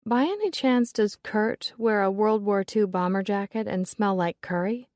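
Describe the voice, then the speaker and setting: A woman's voice: medium pitch, unhurried, darkish tone, no echo, studio quality, natural voice. A woman voicing a curious American woman who presses a stranger with questions, in an American accent. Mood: probing. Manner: eager, probing.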